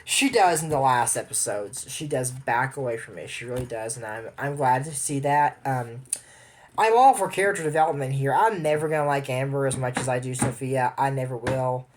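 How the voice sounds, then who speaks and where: Medium pitch and normal speed mark this young man's voice. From Amarillo, Texas, he chats through a cartoon episode review as casual commentary, wandering off topic and apologizing along the way.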